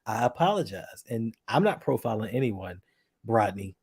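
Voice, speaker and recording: A man co-hosting a sports podcast, talking football in an animated, argumentative way. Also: lowish voice, normal speed, husky. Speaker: podcast co-host. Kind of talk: casual sports talk.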